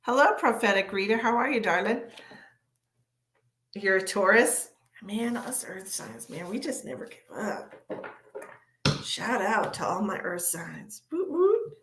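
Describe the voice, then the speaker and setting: A chatty, sassy woman in her forties reads tarot cards live and answers viewer comments as she goes. Her voice sits at a middle pitch. The room around her rings with echo. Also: lively intonation, unhurried, long pauses, heavy background noise. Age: 40s. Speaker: psychic tarot reader. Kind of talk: live-stream chat reading cards.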